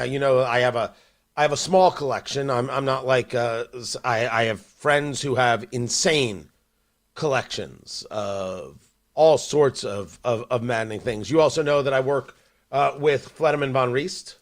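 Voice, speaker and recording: A man's voice: mid-range voice, moderate pace. A man hosting a morning radio show, bantering in a teasing, mock-outraged way. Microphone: studio mic.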